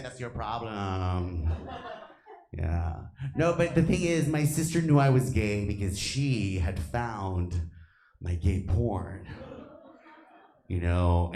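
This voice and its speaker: A man in his thirties doing a stand-up comedy set on stage, flamboyant and camp, breaking into loud shrieks. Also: on the low side. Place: comedy theater stage with live audience. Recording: echoey live comedy room.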